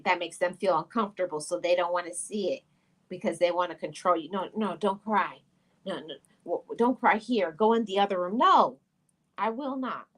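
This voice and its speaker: A woman's voice: on the low side, low-quality recording. A middle-aged woman hosting a heartfelt self-help talk, speaking earnestly and emphatically and repeating phrases for stress. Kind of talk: heartfelt personal talk to camera.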